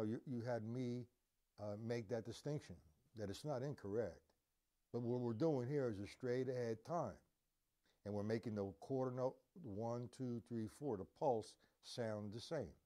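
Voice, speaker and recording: Relaxed male drum teacher counting time. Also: medium pitch. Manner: casual, demonstrative, counts beats aloud and scats drum sounds. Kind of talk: live-streamed drum lesson.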